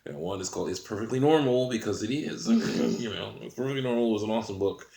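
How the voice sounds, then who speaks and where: A deep-voiced man rambles through a casual monologue, chuckling often between his sentences. His voice is low and carries a roomy echo, as if he is recording in a bare room. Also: fast talker, creaky, dark tone. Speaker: channel host.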